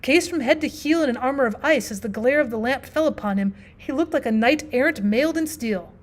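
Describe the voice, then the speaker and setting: A woman teacher narrating a classic story aloud, expressive and lively, dropping in casual asides. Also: high voice, fairly quick. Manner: expressive, with frequent "well" asides.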